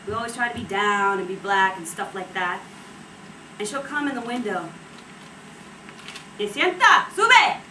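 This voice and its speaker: A woman's voice: medium pitch, moderate pace, recorded from a distance, natural voice. An actress playing a young woman from a Puerto Rican family in a stage monologue, speaking in a wry, matter-of-fact way. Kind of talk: stage monologue based on an interview. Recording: echoey stage recorded from afar, steady noise.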